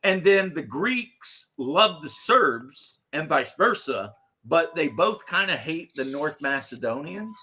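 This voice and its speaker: A man's voice: a little high, sing-song, slow pace, hardly any pauses, husky. A man co-hosting a casual talk show, rambling and laughing as he talks. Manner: rambling, laughs often, bursts into shouted imitations. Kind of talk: casual chat.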